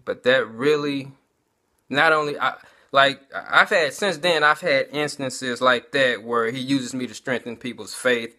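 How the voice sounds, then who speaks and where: A man tells his testimony in a relaxed, conversational way, often calling out to his listeners as y'all. His voice is bright and forward, set at an average pitch for a man. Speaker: vlogger giving a testimony. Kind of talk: casual personal testimony.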